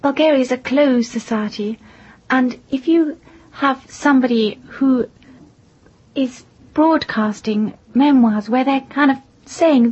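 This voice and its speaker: A woman interviewee recounting events in a measured, composed way, with a husky voice. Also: sits high, a little mellow. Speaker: interviewee, widow of the victim. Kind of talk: interview answers. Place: in London. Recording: dull lo-fi broadcast audio.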